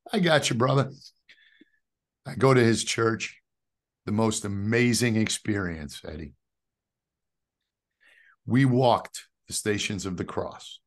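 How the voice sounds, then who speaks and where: A middle-aged man from New York tells his faith story as a podcast guest, in a voice that sits somewhat low. He talks in an animated, storytelling way and calls the host brother. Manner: animated storyteller who acts out quoted dialogue. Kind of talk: personal faith testimony.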